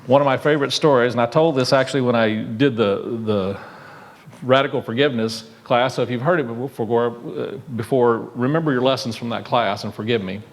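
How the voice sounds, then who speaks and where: A man's voice: mid-range voice, brisk. Man preaching a conversational sermon. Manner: conversational, asks the congregation questions. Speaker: minister. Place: church sanctuary.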